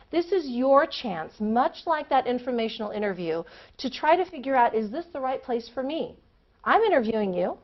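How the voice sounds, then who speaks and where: Lively woman lecturing, lo-fi. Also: on the high side. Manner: lively storytelling, acts out quoted voices. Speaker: university career lecturer. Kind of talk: public lecture.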